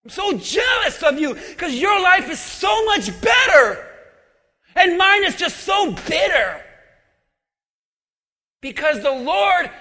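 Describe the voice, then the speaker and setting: A man voicing a bitter, grieving older woman who shouts her anguish during a sermon. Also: very high-pitched, pitched above the performer's own voice, heavily acted. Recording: long reverb of a large hall.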